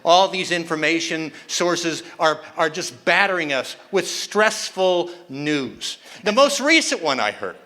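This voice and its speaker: A man's voice: fairly high pitch, lively intonation, a little slow, few pauses, bright, forceful tone. An older man performing a self-mocking stand-up comedy set on stage, acting out the voices he quotes. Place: conference hall stage with a live audience.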